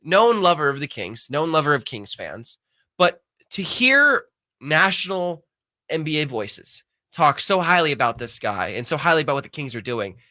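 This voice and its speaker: A man's voice: a little high, very animated, moderate pace, bright, forceful tone, no room sound. A man co-hosting a sports radio show, bantering and joking with sarcasm. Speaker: radio co-host. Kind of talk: casual sports radio chat.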